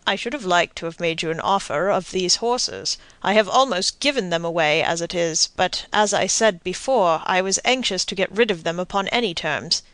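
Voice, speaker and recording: A woman's voice: on the low side, lively intonation, normal speed, few pauses, a bit bright, no echo. Cajoling middle-aged banker, read by a woman narrator; dry. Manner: smooth, cajoling. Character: pompous middle-aged male banker, wheedling.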